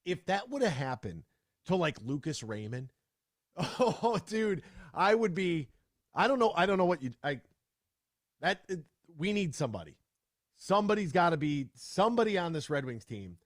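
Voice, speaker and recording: A man hosting a sports talk radio show, ranting in a fired-up way with quick repeated restarts, into a studio microphone. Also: fairly high pitch, no echo.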